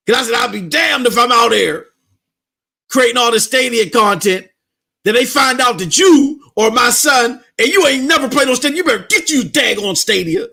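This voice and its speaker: A middle-aged man, hosting a casual live gaming stream, animated and repetitive, laughing often. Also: very high-pitched, gravelly, breathy edge.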